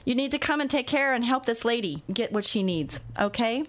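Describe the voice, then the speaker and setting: A woman's voice: on the high side, animated, fairly quick. A woman hosting a radio talk show, interviewing a guest and making earnest, urgent appeals to listeners.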